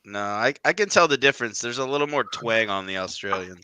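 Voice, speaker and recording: A man's voice: mid-range voice, lively intonation, quick pace, sharp tone, clean tone. A man co-hosting a casual podcast, blunt and dry in his remarks. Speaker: podcast co-host. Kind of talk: casual banter among friends.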